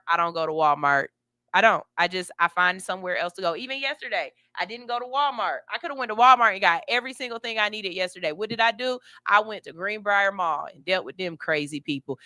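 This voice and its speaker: Lady hosting morning radio, slangy and lively, bright voice, dry studio sound. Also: lowish voice, no echo. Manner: animated, candid and slangy storytelling. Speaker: radio show host. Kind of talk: casual morning radio talk.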